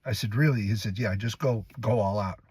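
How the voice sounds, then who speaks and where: A male actor telling a story to camera in a casual, animated way, acting out the lines and voices as he goes. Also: lowish voice, fairly quick, husky, no echo. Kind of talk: casual anecdote told to camera.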